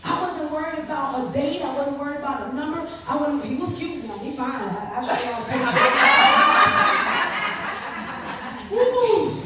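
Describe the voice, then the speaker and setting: A woman telling her testimony to an audience, expressive and repeating her words as she acts out what people said. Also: high voice, fast talker, few pauses. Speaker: speaker giving testimony. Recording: echoey room from far off with noise.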